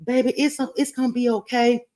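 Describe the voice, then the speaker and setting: A woman's voice: on the high side, flat delivery, brisk, darkish tone, voice pushed up, natural voice. A woman voicing a kindly woman who soothes an upset stranger in a motherly way. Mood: soothing.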